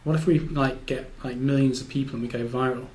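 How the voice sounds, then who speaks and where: A man as a podcast guest, chatting casually with teasing, deadpan jokes. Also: medium pitch, fast talker, poor audio. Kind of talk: casual chat.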